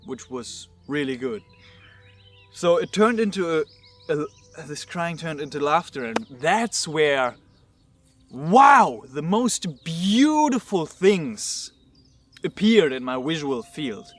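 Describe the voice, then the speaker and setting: A man telling a personal story to camera, halting and earnest, repeating words as he searches for them. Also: a little high, big pitch swings, fairly bright tone, faint music behind. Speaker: vlogger.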